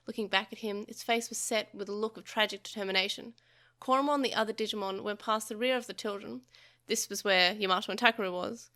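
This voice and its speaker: A woman's voice: medium pitch, sharp tone. A woman podcast host reading a translated novel aloud, expressively, with small slips.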